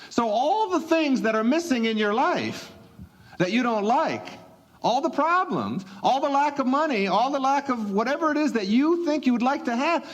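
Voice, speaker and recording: A middle-aged man giving a motivational talk, telling stories and acting out little dialogues. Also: very high-pitched. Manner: animated storyteller, acts out little dialogues. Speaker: motivational speaker. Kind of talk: motivational talk to a live audience.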